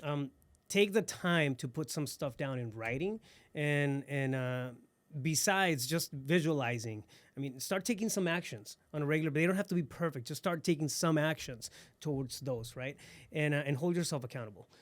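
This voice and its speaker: A man with a somewhat higher voice hosts a motivational podcast. His talk is casual and upbeat, and the sound is close and dry with no room echo. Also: normal speed. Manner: upbeat, motivational sign-offs. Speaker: podcast host.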